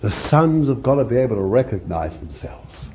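A man's voice: mid-range voice, big pitch swings, moderate pace, darkish tone. Guy preaching, chatty, voice goes up and down a lot, dull old tape with a bit of hiss. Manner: folksy, conversational preaching with many "you see" asides. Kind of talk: sermon. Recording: muffled lo-fi recording with faint hiss.

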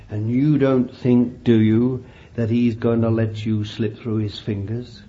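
A man preaching a sermon, animated and laughing often as he calls his listeners beloved. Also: medium pitch, unhurried, lo-fi sound, a little hiss or hum.

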